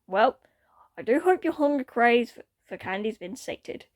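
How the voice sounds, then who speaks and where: A woman's voice: fairly high pitch, animated, a little slow. A woman voicing a small, boastful male cat sheriff who talks in a blustery, defensive way. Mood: wary.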